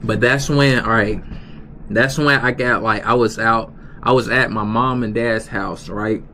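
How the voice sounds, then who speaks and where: A man's voice: on the low side, fairly even intonation, unhurried, sharp tone, a little hiss or hum. A young man streaming live, telling a story in a rambling way with lots of restarts. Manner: rambling, many restarts and fillers. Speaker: livestreamer. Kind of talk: casual storytelling.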